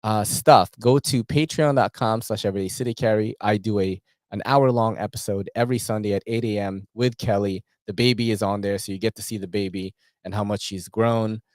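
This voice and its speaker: Casting note: New man, low-ish voice, loose slangy host, dry close mic. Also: fairly even intonation, a little fast, hardly any pauses, a little mellow, no echo. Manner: slangy, swears a lot, many fillers. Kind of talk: casual livestream chat.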